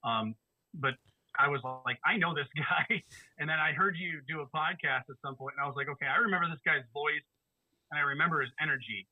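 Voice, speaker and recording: A man's voice: fairly high pitch, a little fast, dry recording. A man, a roundtable guest, recalling memories hesitantly with many fillers in a casual chat. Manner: hesitant, filler-heavy recollection. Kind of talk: casual video-call chat. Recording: tinny phone-like call audio.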